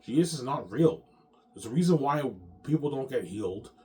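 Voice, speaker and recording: A man with a mid-range, slightly mellow voice vlogs expressively at a moderate pace. Rambling on directly to his viewers, he curses freely, circles back over the same points, and ends lines with "man" and "yeah."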